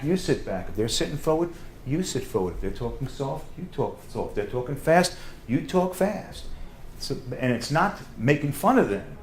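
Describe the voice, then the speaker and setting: A man with a New York accent teaching a sales seminar, talking fast and loud with a joking, animated manner. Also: on the high side, a little hiss or hum. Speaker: sales trainer. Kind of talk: classroom sales seminar talk.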